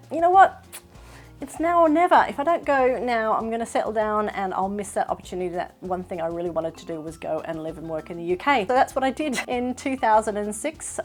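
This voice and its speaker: A middle-aged woman from Australia with a slightly British-tinged Australian accent, chatting casually to camera as a sewing vlogger, self-deprecating and quick to laugh. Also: medium pitch, a little mellow. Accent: Australian with some British influence.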